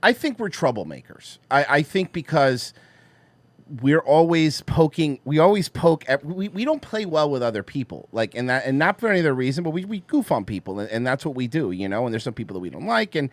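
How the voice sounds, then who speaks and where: A man's voice: fairly high pitch, very animated, fairly quick, no room sound. A man co-hosting a podcast, talking casually with profanity and restarts. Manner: profane, chiming in, rambling. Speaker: co-host.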